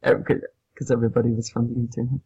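Husky-voiced man in casual banter. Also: medium pitch, little pitch movement, racing, mellow, lo-fi sound. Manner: laughs a lot, reacts with shocked exclamations. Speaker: podcast co-host. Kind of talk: casual chat.

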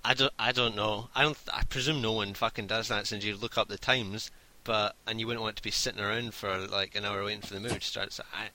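Bright-voiced man telling a story. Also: fairly low pitch, steady tone, fast, few pauses. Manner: rambling, laughing, swears freely. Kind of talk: casual anecdote telling.

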